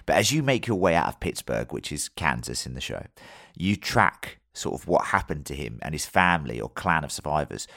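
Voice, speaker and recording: A man's voice: a bass voice, very animated, a little fast, gravelly, hardly any pauses, sharp tone, no echo, clean studio sound. A man hosting a podcast, telling a story loosely with plenty of fillers and the odd swear word. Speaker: podcast host. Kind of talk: casual podcast chat.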